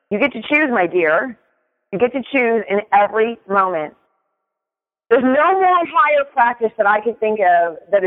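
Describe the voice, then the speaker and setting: A man giving a motivational talk, telling a story with emphatic delivery and often asking "right?". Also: sits high. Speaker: motivational speaker. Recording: tinny phone-like sound with long reverb.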